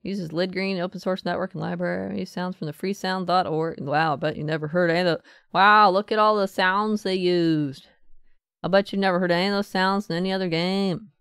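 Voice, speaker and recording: A woman streaming a game, talking casually, swearing and joking as she rambles, now and then popping into a squeaky put-on voice. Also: little pitch movement, fast, creaky, few pauses, clear, resonant tone, no room sound, clean studio sound. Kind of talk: casual live-stream commentary.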